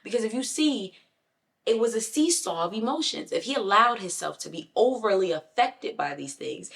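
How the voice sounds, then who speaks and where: A woman's voice: medium pitch, a bit bright. A woman vlogger giving casual motivational talk, emphatic and conversational, often acting out what other people say. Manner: emphatic, acts out other people's lines in quick voices; conversational with frequent "you know what I'm saying". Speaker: self-improvement vlogger.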